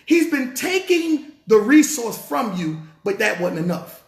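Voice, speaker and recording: A man's voice: very high-pitched, very animated, moderate pace, few pauses. A man preaching a sermon as pastor, emphatic and repetitive, hammering lines again and again. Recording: roomy echo.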